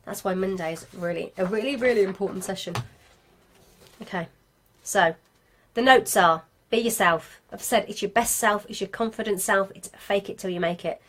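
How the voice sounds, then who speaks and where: A woman's voice: mid-range voice, moderate pace. A woman with a Brummie accent teaches marketing to craft sellers in a live video class, chatty, self-deprecating and talking straight to her viewers. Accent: Birmingham English (Brummie). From England. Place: home studio with lights, indoors.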